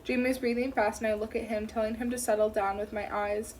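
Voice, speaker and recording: A woman narrating a first-person thriller audiobook in a tense, steady way. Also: on the high side, fast talker, a little hiss or hum, low-quality recording.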